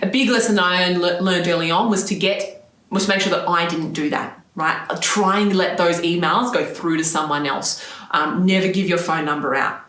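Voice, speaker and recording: A woman with a lowish voice gives encouraging advice to other business owners. She repeats her key phrases and keeps checking in with her listeners. The room around her rings with a noticeable echo. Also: fairly even intonation, moderate pace, fairly bright tone. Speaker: business coach. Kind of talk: direct-to-camera advice talk.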